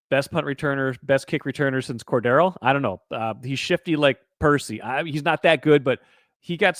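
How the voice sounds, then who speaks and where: Animated man hosting a sports podcast. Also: medium pitch, no room sound, clean studio sound. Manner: animated, conversational, rhetorical questions. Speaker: podcast host. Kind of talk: casual sports podcast recap.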